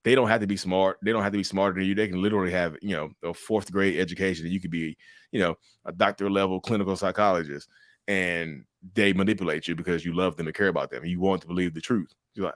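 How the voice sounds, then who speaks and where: A man's voice: low voice, fast talker, no room sound, studio quality. A middle-aged man from North Carolina, a guest talking casually and animatedly, acting out little quotes and laughing often. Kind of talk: casual interview talk.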